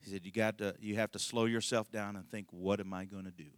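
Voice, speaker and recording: A man's voice: on the low side, steady tone, a little fast, no echo. A middle-aged male pastor telling a rambling, folksy story in a conversational sermon, laughing often.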